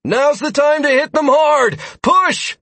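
A man voicing a tired young woman fighter who shouts orders breathlessly in an audiobook. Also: extremely high pitch, slow pace, creaky, no echo, pitched above the performer's own voice, exaggerated voice. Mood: urgent.

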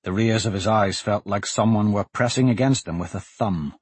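Husky-voiced male audiobook narrator. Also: on the low side, normal speed, no echo. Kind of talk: scripted narration.

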